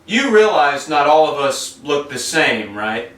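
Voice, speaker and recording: A man acting out a calm, menacing cartel middleman who delivers threats with chilling politeness. His voice is bright and hard-edged, and it sounds roomy, picked up from some distance away by the mic in a comedy skit. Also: on the high side, measured pace.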